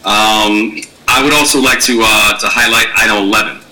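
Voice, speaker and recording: A man's voice: lowish voice, steady tone, moderate pace, bright, forceful tone, poor audio. A man chairing a formal public board meeting as governor, courteous and thanking each speaker.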